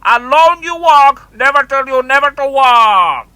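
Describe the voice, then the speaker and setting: A man's voice: very high-pitched, lively intonation, measured pace, sharp tone, no echo, heavily acted, poor audio. A man doing a muddled fan caller. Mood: earnest. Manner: broken, jumbled English. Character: muddled male overseas football fan caller.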